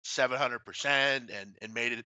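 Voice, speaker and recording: Man, co-host, sharp forceful tone, dry lo-fi audio, profane ranting, casual talk show. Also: mid-range voice, normal speed, clean tone, dry recording. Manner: blunt and profane, ranting storyteller. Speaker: podcast co-host. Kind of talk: casual sports betting talk show chat.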